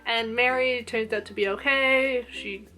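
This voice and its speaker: A woman casually reviewing an anime episode, gushing and excitable, full of "oh my gosh" and "like". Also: fairly high pitch, unhurried, soft background music.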